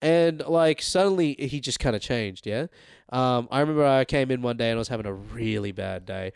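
A man's voice: medium pitch, fairly quick, creaky, smooth, no echo, studio quality. A man telling a story in casual podcast chat, laughing often and swearing freely. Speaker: podcast guest, former chef.

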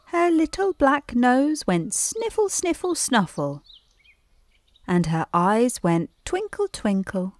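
A woman reading a bedtime story aloud in a gentle, unhurried voice. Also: mid-range voice.

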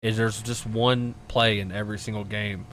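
Young male co-host, lower voice, laid-back and dry, casual gaming chat, faint noise. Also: flat delivery, moderate pace, a bit bright. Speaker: podcast co-host.

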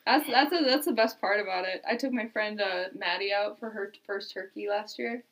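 A woman guest on a podcast, chatting casually as a lively storyteller. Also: mid-range voice, fairly quick. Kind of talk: casual chat.

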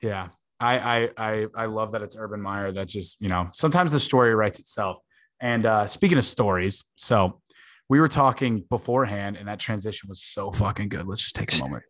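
A man's voice: fairly low pitch, moderate pace, no room sound. Profane joking young man podcaster. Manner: profane, joking, animated storytelling. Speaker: podcast co-host. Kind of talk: casual podcast banter.

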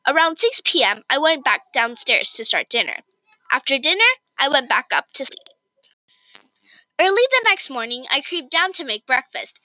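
A woman reading her own story aloud in first person, with an expressive, excited delivery. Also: high voice, moderate pace, no room sound, rough recording.

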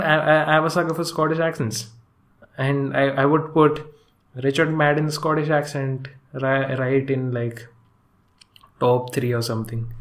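Man, casual movie review, halting, stumbling restarts, chuckles often, average pitch. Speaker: film reviewer.

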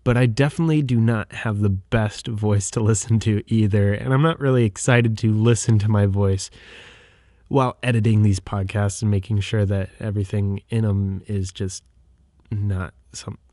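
A man's voice: fairly low pitch, fairly even intonation, normal speed, warm tone, no echo, clean studio sound. A young man hosting his own podcast in a casual, rambling monologue, often hesitating, restarting and correcting himself, recorded on a microphone. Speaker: podcast host.

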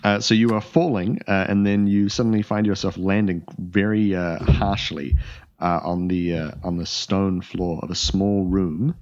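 A man's voice: sits low, steady tone, moderate pace, a little mellow. A man narrating as game master, rambling with many fillers and restarts. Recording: dull lo-fi audio.

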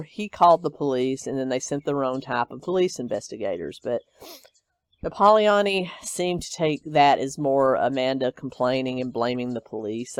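A man's voice: medium pitch, clear, resonant tone, no echo. A man hosting a true crime podcast, retelling a case in a conversational way, thinking aloud with fillers and asides. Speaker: podcast host.

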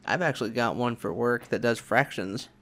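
Casual podcast guy, chatty, mid-pitched, does little voices when he tells stories. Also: normal speed, a bit bright. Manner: chatty storyteller, acts out quoted voices. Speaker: podcast co-host. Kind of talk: casual chat.

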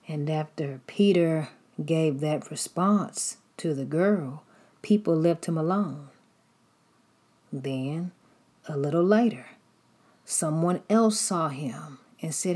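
Low, husky woman preaching. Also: slow, darkish tone. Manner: repetitive, rhythmic preaching cadence. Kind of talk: sermon.

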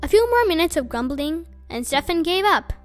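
A woman reading a children's book aloud as host of her own storytime, in an expressive, animated way. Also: very high voice, normal speed, faint music behind.

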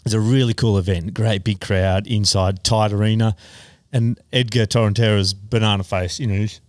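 A man's voice: fairly low pitch, fairly even intonation, moderate pace, no room sound, studio quality. A man chatting casually on a podcast, telling riding stories and laughing often. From Australia. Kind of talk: casual chat.

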